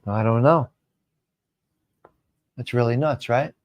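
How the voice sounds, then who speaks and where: A man's voice: medium pitch, slow pace. A man hosting a live stream show, chatting casually and answering viewer comments by name in a rambling, swearing way.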